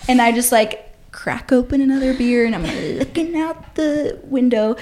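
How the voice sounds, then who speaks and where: A woman in her twenties, a podcast host telling a story in a casual, animated, profane way and acting out the voices of the people in it. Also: sits high, moderate pace, crowd noise.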